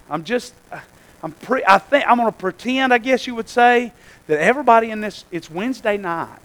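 A man's voice: high-pitched, a bit bright, rough recording. A middle-aged man preaching and giving church announcements in a folksy, rambling way, often calling out to his congregation. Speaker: pastor.

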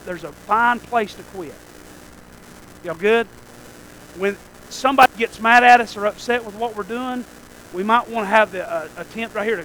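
High, bright preacher man. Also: slight background noise, poor audio. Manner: folksy preaching that swings from hushed to near-shouting. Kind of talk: sermon.

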